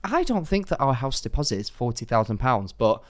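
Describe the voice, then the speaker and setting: A man's voice: mid-range voice, brisk, no room sound, studio quality. A young man, co-hosting a casual podcast and telling stories animatedly with plenty of swearing. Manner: animated storyteller, swears freely. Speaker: podcast co-host.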